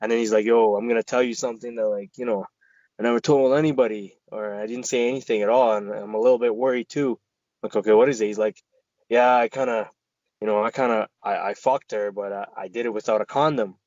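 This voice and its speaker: A man's voice: on the low side, fairly even intonation, quick pace, a little mellow, no room sound, lo-fi sound. A man co-hosting a podcast, telling a rambling, profane story and acting out his friends' lines. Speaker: podcast co-host. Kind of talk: casual storytelling chat.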